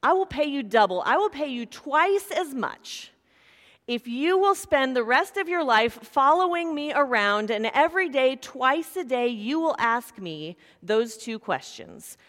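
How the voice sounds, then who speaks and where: A woman preacher voicing a cheerful, wise old male rabbi who speaks calmly with gentle teasing. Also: high-pitched, unhurried, heavily acted. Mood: amused. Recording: long reverb of a large hall.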